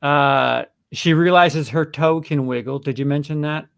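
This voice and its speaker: A man's voice: on the high side, measured pace, gravelly, a bit bright, clear, resonant tone, no echo, clean studio sound. A man co-hosting a casual film chat, making sarcastic, joking asides. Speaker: co-host.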